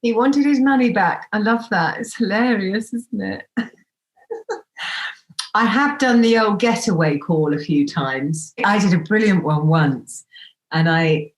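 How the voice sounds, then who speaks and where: A woman telling dating stories as a podcast guest, animated and theatrical, acting out the dialogue. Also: medium pitch, unhurried. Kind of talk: anecdotal storytelling. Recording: roomy echo.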